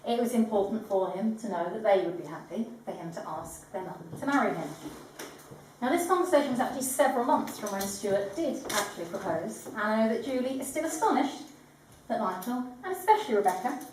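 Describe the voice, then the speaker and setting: A woman leads a wedding ceremony in a composed, gently humorous address. Her voice sits a touch high. She is caught from a distance, with heavy room echo and a faint background hiss. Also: lively intonation, brisk. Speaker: wedding celebrant. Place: large echoing room at a ceremony. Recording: echoey room from far off.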